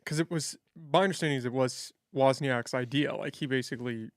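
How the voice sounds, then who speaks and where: A man's voice: mid-range voice, brisk, no echo, clean studio sound. A man hosting a podcast, asking reflective follow-up questions in casual conversation. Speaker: podcast host. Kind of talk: conversational interview.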